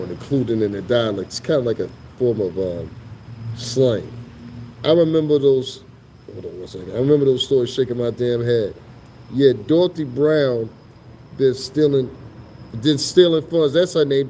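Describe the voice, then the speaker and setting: A man's voice: medium pitch, warm tone, a little hiss or hum, low-quality recording. A man vlogging in a casual, rambling storytelling monologue that is profane and full of asides. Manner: profane, rambling, laughs between remarks.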